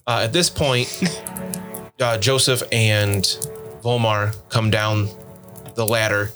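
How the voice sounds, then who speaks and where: A man narrating as game master of a tabletop game, relaxed and loose with plenty of fillers. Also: on the low side, takes it slowly, music in the background.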